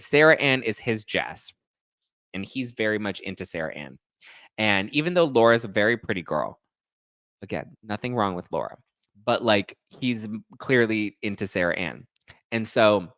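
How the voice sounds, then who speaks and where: A sassy, animated man hosts a podcast live stream and recaps reality TV in a casual, gossipy way. His voice sits fairly low, and the sound is dry and close, with no room echo. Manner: sassy, animated, keeps asking "okay?" and "right?". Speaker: podcast host.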